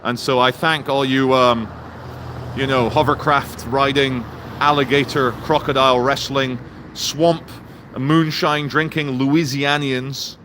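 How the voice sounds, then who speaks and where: A man livestreaming outdoors, ranting and greeting viewers in the chat with lively energy. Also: mid-range voice, slow pace. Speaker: livestream host. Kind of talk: live-streamed political rant. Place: outdoors in a town. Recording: faint outdoor traffic noise.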